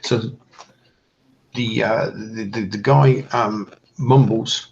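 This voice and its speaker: A man's voice: fairly low pitch, steady tone, slow, gravelly, highs cut off, very noisy. A man running a tabletop game as game master, narrating hesitantly with many fillers and restarts.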